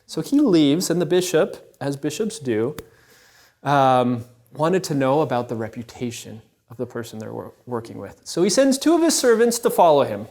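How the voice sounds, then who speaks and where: A man giving a storytelling talk at a Catholic event, conversational and animated, often checking in with the audience. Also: mid-range voice, moderate pace.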